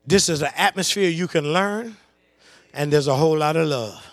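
An older man preaching a sermon, telling a family story and calling out to the congregation, his voice swinging from low murmurs to impassioned shouting. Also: normal speed.

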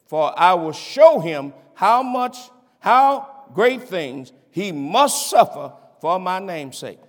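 A man preaching a sermon, rising to shouted emphasis and calling out questions to the congregation. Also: sits high, big pitch swings, slow, big-room sound.

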